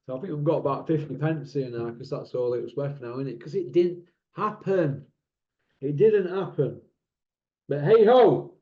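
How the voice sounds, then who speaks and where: A man talks in a blunt, mocking way, firing off rhetorical questions in a casual monologue. His voice sits a little high. It's recorded in an echoey room and sounds somewhat dull and lo-fi. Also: normal speed. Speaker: boxing channel host.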